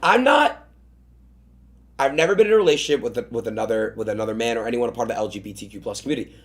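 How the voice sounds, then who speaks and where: Streamer guy talking fast, keeps tripping over his words, all worked up. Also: medium pitch. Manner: excitable, stammering, repeats himself. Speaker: streamer host. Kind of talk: casual stream chat.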